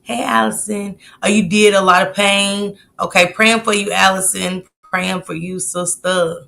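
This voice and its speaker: A woman's voice: mid-range voice, fairly even intonation, a little slow, vocal fry, sharp tone. A woman in her late forties hosting a live stream, chatting casually and greeting viewers by name. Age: 40s. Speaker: livestream host.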